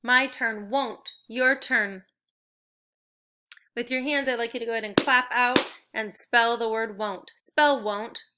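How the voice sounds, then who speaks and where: Woman teacher doing a slow clear phonics lesson for little kids, bright crisp voice, computer mic. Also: on the high side, steady tone. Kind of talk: recorded phonics lesson for young children.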